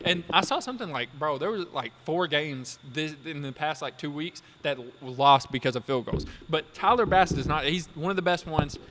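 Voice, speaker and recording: A man's voice: fairly high pitch, animated, moderate pace, hardly any pauses, fairly bright tone. A man co-hosting a casual sports podcast, ranting passionately with lots of slang and laughs. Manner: fired-up, ranting, says bro a lot. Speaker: podcast co-host.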